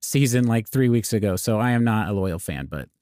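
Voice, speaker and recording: A man's voice: on the low side, lively intonation, fairly quick, warm tone, dry recording, studio quality. A man who co-hosts and produces a podcast, joking in a playful, self-deprecating casual chat. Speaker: podcast co-host and executive producer.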